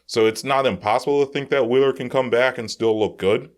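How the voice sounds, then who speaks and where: A man co-hosting a casual sports podcast, telling animated stories full of "like" and "dude". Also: mid-range voice, a little fast. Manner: animated storyteller, lots of "like" and "dude". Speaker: podcast co-host.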